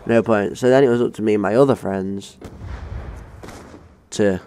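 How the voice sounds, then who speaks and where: A man's voice: lowish voice, moderate pace, mellow, a little hiss or hum. A young man with an English accent telling a rambling, sweary story time while playing a game. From England. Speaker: gaming channel host. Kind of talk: story time over gameplay.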